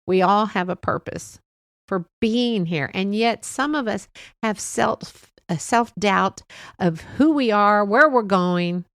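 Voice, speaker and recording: A middle-aged woman hosting a faith-based motivational talk, speaking in a gentle, reassuring and chatty way with soft laughs. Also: mid-range voice, takes it slowly, dry recording, clean studio sound. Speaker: podcast host.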